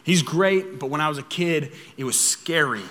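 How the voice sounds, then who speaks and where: Young guy pastor telling a funny story, super bright voice, echoey hall. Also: fairly high pitch, moderate pace. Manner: animated storytelling, laughing as he goes. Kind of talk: sermon.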